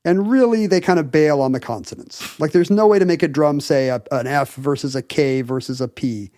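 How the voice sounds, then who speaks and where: Guy cohosting a podcast, kinda high voice, rambles thru explanations w lots of "you know", dry close mic. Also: brisk, mellow, no room sound. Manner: enthusiastic explainer, hedges with fillers. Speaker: podcast co-host. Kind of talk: casual explanatory chat.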